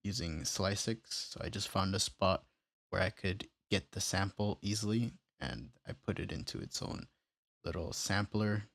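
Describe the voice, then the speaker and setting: A man casually walking through how he built a beat, step by step, in a relaxed, plain way. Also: low voice, moderate pace, gravelly, dry recording. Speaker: music producer tutorial host. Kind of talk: casual screen-recorded tutorial.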